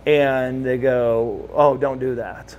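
The audio is dull with a little hiss or hum, and the speaker talks slowly in a mid-range voice. He's a former wrestler in his forties, animatedly telling stories in a casual shoot interview and imitating the people he quotes.

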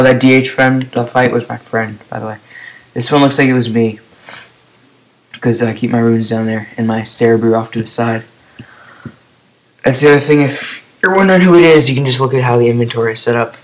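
A young man casually commenting over his own gameplay clips, rambling, with sudden excited outbursts between quiet, trailing remarks. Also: mid-range voice, poor audio.

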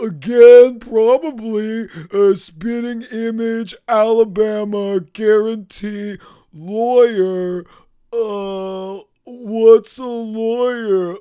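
A man putting on a heavy Moscow Russian accent, reading single words loudly and drawing some of them out. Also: high-pitched, clean tone, no room sound, clean studio sound, pitched above the performer's own voice. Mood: deadpan joking. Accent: Moscow Russian, put on. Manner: loud, drawn-out word-list reading.

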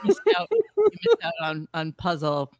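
A podcast host chatting casually, rambling and halting with fillers and restarts. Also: mid-range voice, huge pitch swings, darkish tone. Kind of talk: casual chat.

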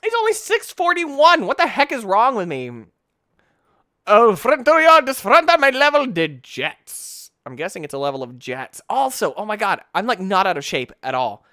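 A young man giving let's-play commentary, tired and yawning, breaking into excited yelps and shouts. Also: high-pitched, normal speed, no echo, clean studio sound. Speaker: gaming YouTuber.

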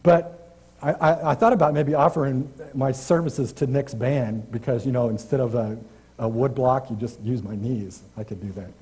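A man's voice: medium pitch, moderate pace, a little mellow, breathy edge. A man preaching an informal, chatty church sermon as a guest preacher, self-deprecating and often restarting his sentences. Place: church sanctuary.

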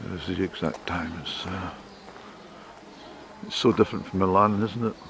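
A travel vlogger rambles as he narrates a walk through narrow town streets on a handheld camera. His voice is low and creaky, at a normal speed, and street noise and passing traffic can be heard.

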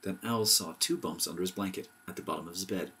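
A man with a deep, low voice reading a bedtime story aloud. His delivery is gentle and even, a steady storyteller pace for a children's book. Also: fast talker, slight background noise.

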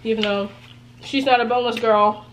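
A woman's voice: fairly high pitch, fairly even intonation, fairly quick, a little hiss or hum. A woman in her early twenties chatting casually as a guest, modest and playful, brushing off praise. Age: 20s. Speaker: guest cousin. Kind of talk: casual chat.

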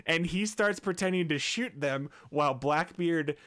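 A man's voice: fairly high pitch, unhurried, fairly bright tone. A man casually recapping a film's plot for his co-hosts, rambling and laughing as he goes. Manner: rambling, laughs while retelling scenes. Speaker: podcast co-host recapping a film. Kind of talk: casual chat.

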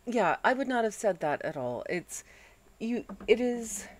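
A woman streaming a video game from home, groggy after a headache, chatting calmly with viewers and fussing at her dog. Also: on the high side, a little slow. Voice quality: calm, soothing voice. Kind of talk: casual live-stream gameplay chat.

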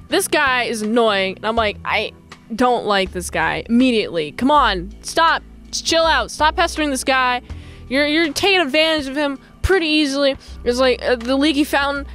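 A woman's voice: high-pitched, moderate pace, fairly bright tone, faint music behind. A young woman recapping and reviewing a TV episode in a casual, rambling, chatty way. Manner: chatty, rambling, lots of fillers.

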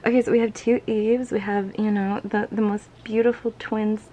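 A young woman chatting casually as she unboxes merchandise, gushing with breathy exclamations that often drop to a whisper. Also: medium pitch, little pitch movement, normal speed, lo-fi sound, a little hiss or hum. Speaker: unboxing vlogger.

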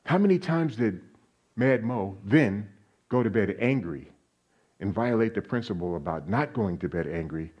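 Guest preacher, male, low husky voice, animated delivery that swings widely, keeps putting questions to the congregation. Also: moderate pace, highs cut off. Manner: animated, preacherly, rises loud on quoted lines, asks the congregation questions. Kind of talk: sermon. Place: church sanctuary.

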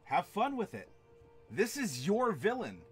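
A man running a tabletop game stream, casually teaching how to build villains, chatty and quick to laugh. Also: high voice, huge pitch swings, breathy edge, soft background music. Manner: chatty, laughs often, many fillers and restarts. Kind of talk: casual instructional talk to a live chat.

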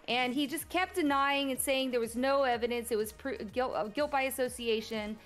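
A woman's voice: high voice, moderate pace, music in the background. Rambling woman streamer retelling drama. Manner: rambling, full of fillers and retold quotes. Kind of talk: casual storytelling on a stream.

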